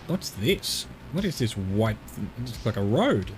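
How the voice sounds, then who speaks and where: A man's voice: fairly low pitch, big pitch swings, unhurried, a little mellow, slight background noise. An Australian man streaming a game, chatting casually and rambling to himself as he explores. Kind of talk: casual live-stream commentary.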